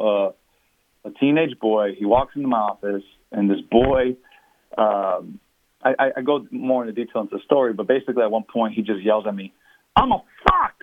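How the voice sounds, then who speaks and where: A man who is a pastor and author, speaking as an interview guest and explaining his views in an earnest, measured way. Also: fairly low pitch, dry recording. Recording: tinny phone-line sound.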